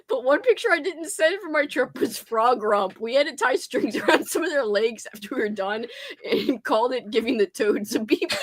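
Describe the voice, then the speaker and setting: A woman's voice: high-pitched, lively intonation, normal speed. Giggly woman laughing to tears. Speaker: host. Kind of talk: casual livestream chat.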